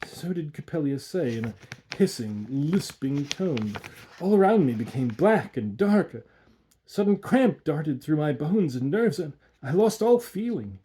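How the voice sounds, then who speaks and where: A man reading a classic horror tale aloud with an expressive, theatrical delivery. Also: a little high.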